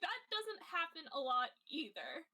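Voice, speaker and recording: A woman's voice: very high-pitched, big pitch swings, a little slow, pushed and bright, low-quality recording. A woman narrating her character in a casual tabletop role-play, giggly and full of little fillers. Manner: giggly, lots of fillers and restarts. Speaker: player.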